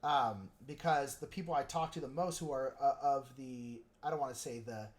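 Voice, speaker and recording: A man's voice: mid-range voice, moderate pace. A man hosting a casual livestream, talking in a rambling, joking way with plenty of filler words. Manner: joking, self-mocking. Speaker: livestream host painting miniatures.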